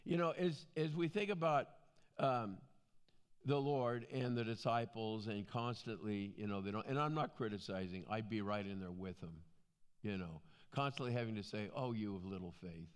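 A man's voice: lowish voice, moderate pace, smooth. A man teaching from the Bible in a conversational preaching style, with frequent asides.

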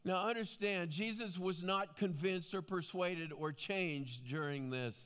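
A man's voice: high-pitched, unhurried, fairly bright tone, smooth. A man teaching from the Bible in a conversational preaching style, with frequent asides.

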